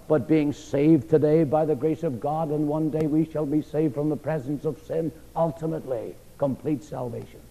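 Speaking at a fairly high pitch with a warm tone, a man leads a sermon-style Bible study. He asks his audience questions, supplies the answers, and repeats important phrases that land with a falling, emphatic close, all heard through lo-fi audio drenched in long hall reverb.

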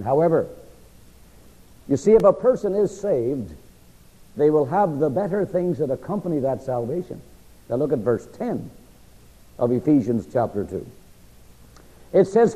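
A middle-aged man teaches scripture in a sermon style, his voice mellow but animated and a little thick with a frog in his throat. He keeps tossing questions to the congregation so they can finish his lines. It comes from a lo-fi recording with long reverb from the church hall. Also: fairly high pitch, normal speed. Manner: asks the audience to fill in words. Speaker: preacher teaching a Bible class.

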